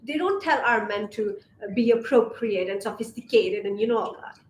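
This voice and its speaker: A young woman from Asia delivers a casual vlog monologue as a femininity coach, sassy and emphatic, with swearing sprinkled in. Her voice sits high. The room gives it a roomy echo over a faint hiss. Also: animated, moderate pace.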